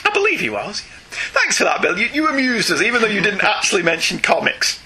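A man's voice: high-pitched, huge pitch swings, fast talker, noisy background. A man co-hosting a casual chat show, reading listener emails aloud and laughing often.

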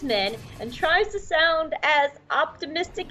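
A woman's voice: high-pitched, lively intonation, a little slow, hardly any pauses, fairly bright tone, a little hiss or hum, rough recording. Chatty woman recapping a cartoon. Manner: chatty, irreverent. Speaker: podcast host. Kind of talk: casual recap.

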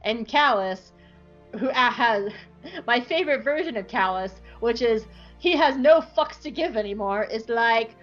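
A woman hosting a podcast, recapping an episode in an animated, jokey way. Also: fairly high pitch, measured pace, lo-fi sound, faint music behind. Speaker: podcast host.

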